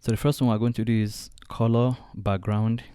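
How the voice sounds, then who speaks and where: A man walking through a design software tutorial step by step, thinking aloud as he clicks along. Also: on the low side, little pitch movement, normal speed, clear, resonant tone, no room sound, clean studio sound. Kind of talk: screen-recorded software tutorial.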